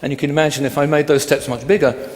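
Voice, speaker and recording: A man's voice: fairly high pitch, steady tone, fast. A man teaching a dance class, counting beats aloud and explaining steps plainly. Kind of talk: dance lecture. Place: large hall. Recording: echoey hall, long reverb, music behind.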